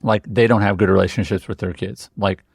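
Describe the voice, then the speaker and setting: A man's voice: on the low side, fairly even intonation, brisk, gravelly, slightly rough, no echo, clean studio sound. A man co-hosting a podcast in casual chat, telling stories and acting out quoted voices. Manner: storytelling, acts out quoted voices. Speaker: podcast co-host.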